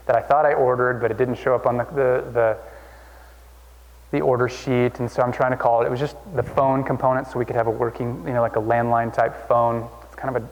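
A man's voice: medium pitch, level tone, brisk. A male pastor from Oregon preaching a sermon in a conversational way, often repeating himself and restarting with fillers. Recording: dull sound with long hall reverb.

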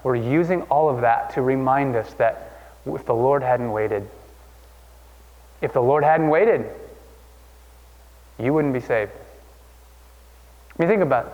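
A man preaches a conversational sermon, circling back to repeat his points and stumbling through fillers as he goes. The sound is dull and lo-fi, and his voice hangs in a long reverb. He speaks at a middle pitch. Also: slow pace, pauses often. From Oregon. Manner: conversational, repeats phrases, many fillers and restarts. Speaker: pastor.

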